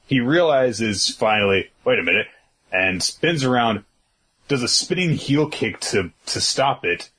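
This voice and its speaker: A man in a casual talk, retelling a story with animated energy and acting out lines. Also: fairly low pitch, breathy edge. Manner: animated storytelling, acts out quotes, swears casually. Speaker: podcast co-host recapping a manga chapter.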